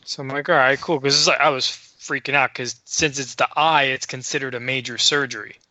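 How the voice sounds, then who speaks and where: Excitable, foul-mouthed man telling a story. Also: medium pitch, fairly quick, no room sound. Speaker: podcast co-host. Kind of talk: casual storytelling chat.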